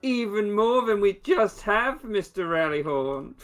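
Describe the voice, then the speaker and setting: Man voicing a flamboyant bard, self-satisfied, sing-song, high, bright. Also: lively intonation, a little slow, soft background music.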